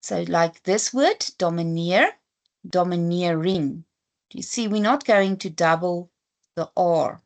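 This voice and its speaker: A South African woman teaching a spelling lesson at a very unhurried pace. Her voice sits fairly low, and she spells letters out one at a time with patient, careful explanations. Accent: South African English. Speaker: English teacher. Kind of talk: slow, deliberate classroom lesson.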